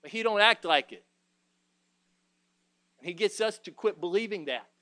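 A man preaching a sermon, alternating between loud exhortation and quiet reflection, often stumbling and restarting his phrases. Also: sits high, animated, normal speed, dry recording.

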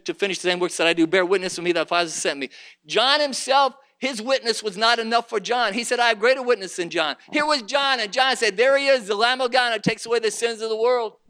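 A man preaching a sermon in an impassioned way, asking rhetorical questions and rising to shouts. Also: sits high, smooth.

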